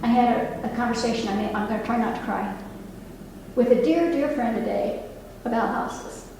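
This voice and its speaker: In an echoey library meeting room, picked up by a distant mic, a woman over sixty-five who works as a nurse gives an earnest public talk, turning to the audience with asides and questions. Her voice sits on the high side, warm in tone, at a normal speed, with a faint hiss or hum underneath.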